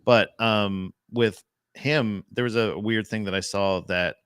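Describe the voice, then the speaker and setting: A man's voice: fairly low pitch, steady tone, slow, fairly bright tone, clear, resonant tone, no room sound, studio quality. A man co-hosting a podcast, rambling casually about movies, laughing and swearing as he goes. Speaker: podcast co-host.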